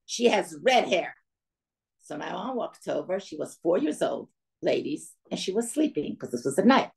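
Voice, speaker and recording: An older woman tells a family story to a gathered audience, slipping into the voices of the people she quotes. Her voice sits low and has a gravelly edge. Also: sing-song, normal speed, poor audio. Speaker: guest speaker.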